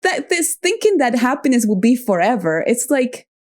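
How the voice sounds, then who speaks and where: A woman's voice: a little high, sing-song, normal speed, darkish tone. Thoughtful woman hosting a podcast. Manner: thoughtful, searching for words, laughs easily. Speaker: podcast host. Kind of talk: reflective interview conversation.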